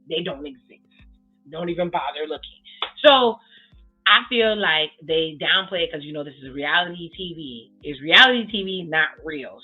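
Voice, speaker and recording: A woman giving blunt, sassy casual commentary as she recaps a reality TV episode, swearing freely. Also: sits low. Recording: tinny phone-like sound with faint music.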